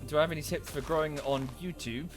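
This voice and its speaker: A man's voice: on the high side, steady tone, quick pace, over music. A man with a British accent chatting casually on a livestream while playing a game, rambling with enthusiasm and swearing freely. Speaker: streamer.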